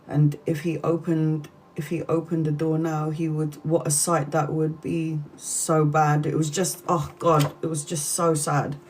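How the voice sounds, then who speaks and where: A woman's voice: deep voice, a little mellow. A woman, a tarot reader earnestly retelling a harrowing story from a book on a live stream, with many restarts.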